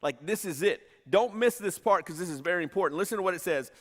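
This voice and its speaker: A man's voice: high-pitched, expressive, fast, hardly any pauses, fairly bright tone. A pastor preaching a conversational sermon, repeating phrases as he builds his points. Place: church sanctuary. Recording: church hall reverb.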